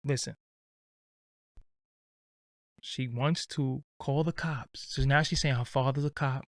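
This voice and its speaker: A man telling a casual, profane anecdote in lively street slang. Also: medium pitch, takes it slowly, no echo, clean studio sound. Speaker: storyteller.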